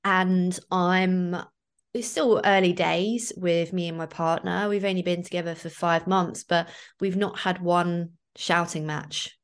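A woman's voice: on the low side, fairly even intonation, measured pace, smooth. A woman hosting a podcast, telling a personal story in a chatty way with lots of fillers. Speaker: podcast host. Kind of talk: casual chat.

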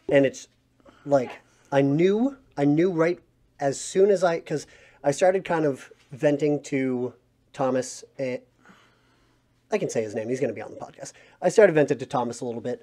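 A man's voice: mid-range voice, measured pace, long pauses, a little mellow. A man co-hosting a casual podcast, telling a story about himself in a wry, self-deprecating way. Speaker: podcast co-host. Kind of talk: casual chat.

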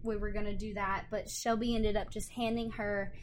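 Expressive young woman telling a story. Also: mid-range voice, moderate pace, a little hiss or hum. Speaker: podcast co-host, expecting mother. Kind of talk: casual chat.

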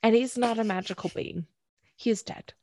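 A chatty woman recaps a show in a casual talk, sarcastic and animated, often laughing through her words. Her voice sits fairly high. The sound is dry and close, with no room around it. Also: moderate pace, dry recording. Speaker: podcast co-host recapping an anime. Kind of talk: casual chat.

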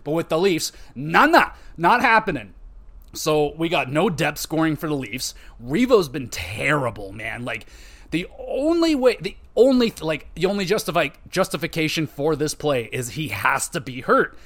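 A man hosts a casual sports podcast, venting his frustration in a loose, rambling way. He swears often, restarts his sentences and leans on fillers. His voice sits a little high for a man. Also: very animated, moderate pace, a bit bright. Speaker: podcast host. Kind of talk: casual hockey podcast rant.

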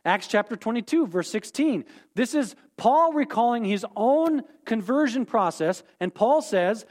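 A man's voice: very high-pitched, lively intonation, a little slow, few pauses, a little mellow. A man teaching a Bible lesson, explaining terms and repeating key points, often checking in with "okay?".

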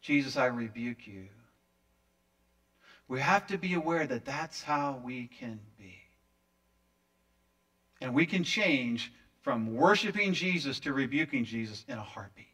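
A man preaching a sermon, with dramatic swings in loudness. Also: mid-range voice, lively intonation, unhurried, recorded from a distance. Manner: dramatic, acting out quoted voices with big swings in loudness. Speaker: pastor.

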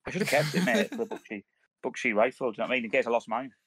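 Fast-talking army veteran man. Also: medium pitch, expressive, a bit bright, a little hiss or hum. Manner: rambling, restarts, heavy swearing. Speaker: podcast host, army veteran. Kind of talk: casual swearing banter, war stories.

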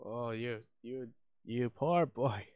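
A man's voice: medium pitch, takes it slowly, dry recording, lo-fi sound. A young man co-hosting a podcast in casual chat, rambling with lots of fillers and restarts and swearing freely. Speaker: podcast co-host.

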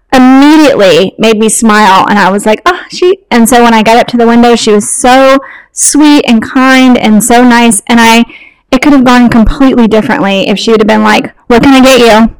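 Animated storytelling woman, higher voice. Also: moderate pace, smooth, dry recording, rough recording. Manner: animated storyteller, acts out quoted lines. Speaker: podcast co-host, wedding business owner. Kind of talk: casual chat.

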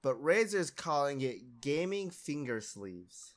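A man's voice: a little high, big pitch swings, takes it slowly. A young man hosting a casual podcast, rambling in a laid-back way and laughing often. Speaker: podcast host.

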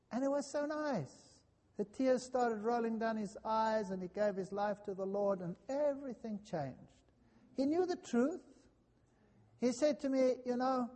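Dramatic preacher with a high, lively voice. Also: male voice, big-room sound. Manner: earnest, dramatic, swings between loud and hushed. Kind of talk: sermon storytelling.

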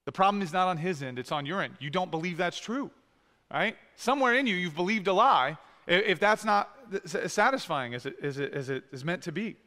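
A male preacher with a high, bright voice delivers an earnest sermon. He pleads with his listeners and presses them with direct questions. His voice rings out through a reverberant church hall. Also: lively intonation, brisk.

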